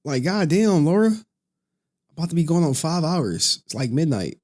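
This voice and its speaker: A man's voice: on the high side, big pitch swings, normal speed, darkish tone. A young man hosting a casual late-night stream, tired from no sleep, rambling, swearing and laughing often. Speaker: streamer host.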